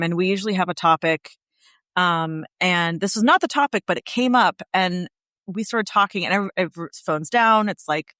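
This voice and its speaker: A woman's voice: fairly low pitch, dry recording, clean studio sound. Candid, swearing woman podcast guest. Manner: candid and animated, swears freely. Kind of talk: casual podcast conversation.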